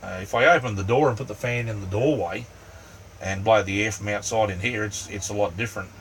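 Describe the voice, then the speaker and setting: A man's voice: lowish voice, brisk, fairly bright tone. A middle-aged Australian man chatting casually with his livestream viewers from inside his camper, rambling and easygoing with lots of ums and "mate". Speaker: livestream host. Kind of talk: casual live chat with viewers. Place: inside a small camper van. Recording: distant mic, faint fan hum. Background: fan running.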